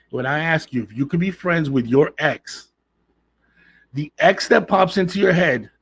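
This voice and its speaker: A man's voice: medium pitch, a little hiss or hum. A man hosting a podcast in a casual, blunt and emphatic way, full of slang and swearing, talking straight to his listeners. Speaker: podcast host. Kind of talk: casual solo podcast talk.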